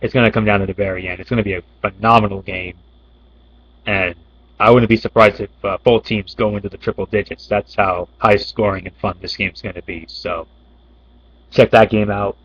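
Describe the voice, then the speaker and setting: A man's voice: lowish voice, fairly even intonation, moderate pace, slightly rough, no room sound, dull audio. A man talking casually about upcoming basketball games as a sports commentator, with plenty of fillers and restarts. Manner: unscripted, many fillers and restarts. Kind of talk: casual talk.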